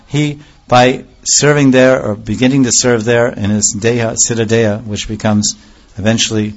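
Male spiritual teacher, mid-pitched, devotional talk with patient repetition of terms, dull lo-fi recording. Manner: explanatory, repeats phrases and Sanskrit terms. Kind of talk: devotional lecture.

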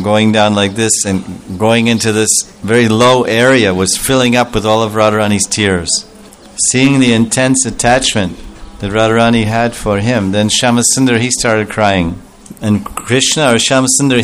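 A man tells a devotional story in sermon style, pitched in a middle register. He slips into the voices of the story's characters, giving them rising emotion. A faint hiss sits under the recording. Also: fairly bright tone. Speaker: spiritual storyteller.

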